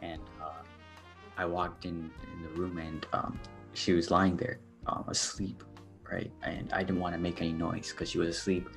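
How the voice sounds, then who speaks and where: A young man with a very low voice tells a personal story as a podcast guest. His delivery is earnest and halting, full of ums and restarts. Soft music sits faintly behind him. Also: flat delivery, vocal fry. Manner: earnest, hesitant, many fillers.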